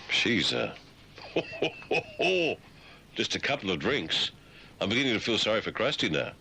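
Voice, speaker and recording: This radio man talks low-pitched but swings his voice up and down as he mocks the news. His tone is bright and sharp, and he keeps jumping into silly put-on voices. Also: slight background noise. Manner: mocking, puts on silly voices mid-sentence. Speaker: radio host. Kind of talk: satirical radio commentary.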